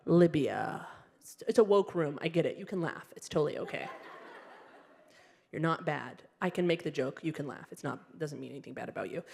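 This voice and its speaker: Lively woman doing stand-up in a hall. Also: a little fast, gravelly, breathy edge. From Egypt. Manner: animated, playful, acts out people in high voices. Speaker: stand-up comedian. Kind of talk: stand-up comedy set. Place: comedy venue on stage.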